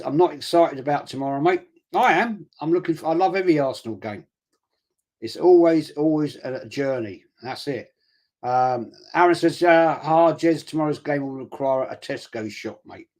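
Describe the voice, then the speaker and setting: A man's voice: fairly high pitch, a little mellow. A man chatting casually on a fan live stream, rambling with restarts and friendly asides as he reads out viewer comments. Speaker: fan channel host.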